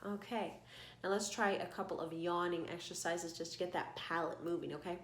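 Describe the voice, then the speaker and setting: A woman singing coach guiding an online vocal warm-up lesson, giving calm, coaxing instructions. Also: lowish voice, a little fast, reverberant, a little hiss or hum.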